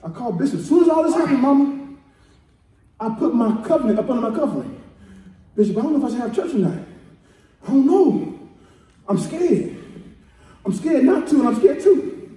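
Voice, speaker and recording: A male pastor preaching in a high, lively voice that swoops and climbs. He drives his point with rhythmic repetition and call-and-response, breaking into shouts. The sound is roomy and far from the microphone, ringing through a church sanctuary. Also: a little fast, long pauses. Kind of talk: sermon. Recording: echoey church hall, mic at a distance.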